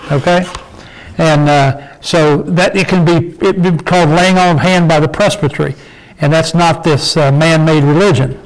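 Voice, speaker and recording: An older man leads an informal Bible study with a folksy, homespun manner, often pausing to check in with his small group. His voice sits a little on the high side for a man. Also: low-quality recording. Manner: folksy, asks the group "okay?" and "did we?".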